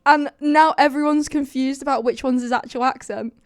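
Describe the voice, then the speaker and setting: An eager, chatty woman with a Liverpool accent, pitched a little high and recorded dry and close. She jumps in with quick reactions as a podcast co-host. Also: steady tone, no echo. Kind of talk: casual chat.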